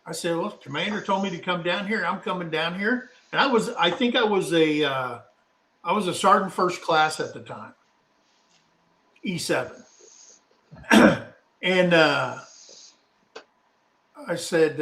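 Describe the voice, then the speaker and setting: A middle-aged man co-hosting a casual live talk show tells a rambling anecdote, acting out what people said. His voice sits a little high with a fairly bright tone, a little slow with frequent pauses. The room is echoey, with slight background noise.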